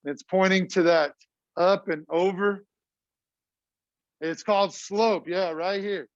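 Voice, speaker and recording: A man's voice: sits high, fairly even intonation, takes it slowly, no echo, highs cut off. A middle-aged man, a math teacher talking casually to his class in a classroom. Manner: chatty, casual and talkative, addresses the class as y'all.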